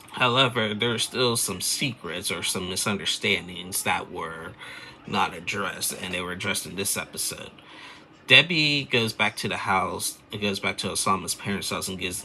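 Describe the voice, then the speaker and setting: A man's voice: sits low, vocal fry, sharp tone, slight background noise. A man casually recapping a reality TV episode, rambling and chatty with lots of fillers. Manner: rambling, chatty, loose filler-heavy storytelling.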